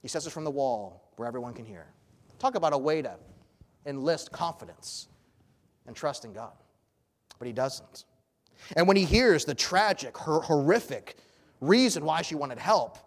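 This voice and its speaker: A man's voice: sits high, animated, normal speed, long reverb tail. A man preaching an expository sermon as pastor, earnest and emphatic.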